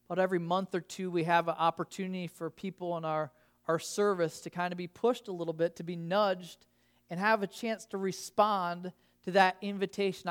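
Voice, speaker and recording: A man preaching a sermon. He talks slowly and with emphasis, leaning on phrases and repeating them for weight. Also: high voice. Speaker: pastor.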